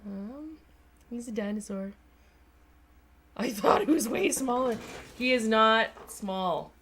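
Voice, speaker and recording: A woman's voice: fairly high pitch, slow pace, noisy background. Chatty Canadian woman hosting a livestream. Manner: chatty, reads chat aloud, voices her lizard's thoughts. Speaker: sculpting livestream host. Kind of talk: casual chat while working.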